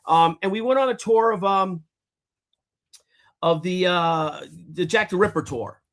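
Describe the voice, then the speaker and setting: A man's voice: high voice, measured pace, fairly bright tone. A man hosting a casual livestream chat, a rambling storyteller who swears and laughs often. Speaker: host.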